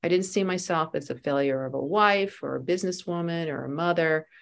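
A woman from the United States, a spiritual teacher and life coach, guests on a podcast, animatedly telling personal stories in conversation and acting out the voices she quotes. Her deep voice is gravelly and a little fast.

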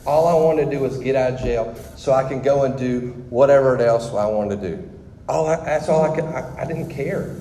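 A man's voice: mid-range voice, normal speed, warm tone, reverberant, big-room sound, a little hiss or hum, rough recording. A man sharing his personal testimony with a group, talking candidly and conversationally with frequent restarts.

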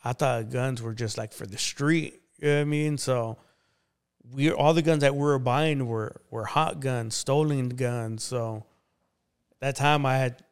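A pastor, here as an interview guest, shares his life story in an unhurried, smooth, mid-range voice. The talk is casual and conversational, full of fillers like "you know."

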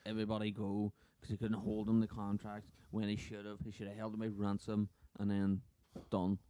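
A man's voice: on the low side, monotone, fairly quick, mellow, no echo. A young man, co-hosting a casual podcast chat in an easygoing, agreeable way. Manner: easygoing, agreeable, laughs along. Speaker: podcast co-host.

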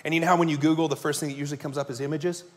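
Male pastor, chatty storytelling sermon, talks with the congregation, voice sitting a bit high. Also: little pitch movement, rapid-fire. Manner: conversational storytelling, asks the congregation questions. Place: church sanctuary before a congregation.

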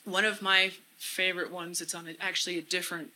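A woman's voice: on the low side, little pitch movement, brisk, pushed and bright, a little hiss or hum, poor audio. A woman giving an earnest church talk, often repeating phrases for emphasis. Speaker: church speaker. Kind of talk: casual teaching talk.

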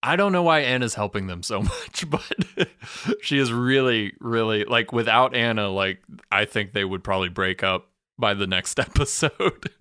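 Man, bright and forceful tone, dry close sound, casual podcast banter. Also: on the low side, lively intonation, normal speed, clear, resonant tone, no echo. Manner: laughs often, acts out scenes in voices. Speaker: podcast co-host. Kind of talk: casual recap chat.

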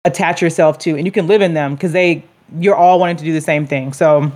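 A woman's voice: low-pitched, steady tone, a little fast, a little mellow. A young woman co-hosting a casual chat, rambling with frequent "like" and restarts. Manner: rambling, many fillers and restarts. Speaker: co-host.

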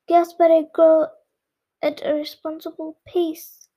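A child voicing a sulky male dormouse, reading aloud slowly. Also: extremely high pitch, monotone, muffled recording.

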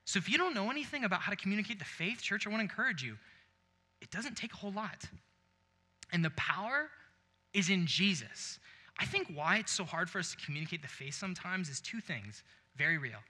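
A young pastor delivers a sermon, narrating a story while voicing both parties in the exchange. He sounds high-pitched, sing-song, brisk, and bright, with a forceful edge. The church sanctuary gives the audio a big hall's long reverb.

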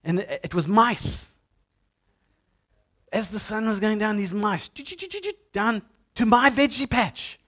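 A middle-aged man, preaching a sermon as a pastor in an animated storytelling way. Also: high voice, a little slow, long pauses. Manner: storytelling, animated with acted-out sounds.

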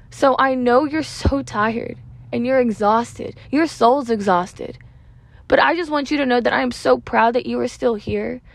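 A woman's voice: on the high side, creaky, no echo. A woman hosting a podcast, talking in a raw, emotional, unscripted way, full of "like" and casual swearing. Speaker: podcast host. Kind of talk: unscripted heartfelt podcast monologue.

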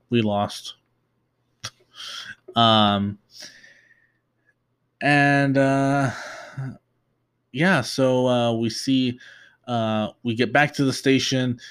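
A man's voice: medium pitch, clean tone. A young man hosting a casual recap show, talking in a loose, rambling way with many fillers and restarts. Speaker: podcast host.

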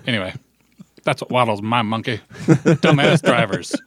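A man's voice: mid-range voice, expressive, normal speed, no echo, clean studio sound. Man ranting with a laugh. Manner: ranting, self-mocking, laughing. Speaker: podcast co-host. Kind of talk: casual chat.

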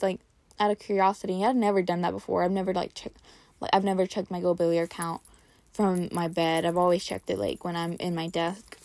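With a mid-range, slightly mellow voice and no echo, this incoming college student, a young woman, chats through a personal story in a casual vlog, leaning heavily on "like."

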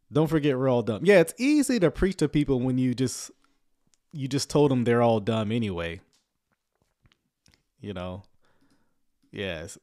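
A man giving casual livestream commentary on a sermon, sarcastic and rambling, often chuckling and filling pauses with "um.". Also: mid-range voice, a little mellow. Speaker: online commentator reacting to a sermon.

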